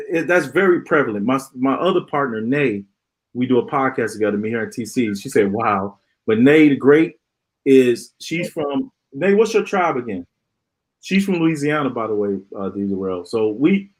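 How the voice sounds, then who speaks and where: A man and podcast host stepping in to mediate a heated live-stream debate, rambling with many fillers. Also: on the low side.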